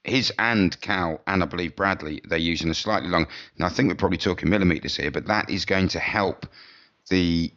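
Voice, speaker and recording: Very low-voiced rambling male podcaster. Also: fairly quick, a bit bright, dull audio. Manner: rambling, chatty, many restarts. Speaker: podcast co-host. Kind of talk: casual motorsport chat.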